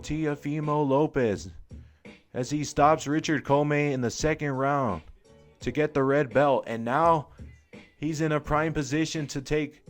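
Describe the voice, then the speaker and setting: A young man calls a boxing match live as a fan commentator, his voice pitched a little high. He talks in an excited, slangy way, full of exclamations. Faint music plays behind him.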